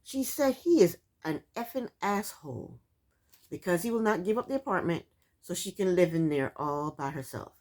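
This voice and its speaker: Woman, reality show recap, casual commentary, sassy, exasperated, rhetorical questions, husky. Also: lowish voice, lively intonation, moderate pace, a little mellow.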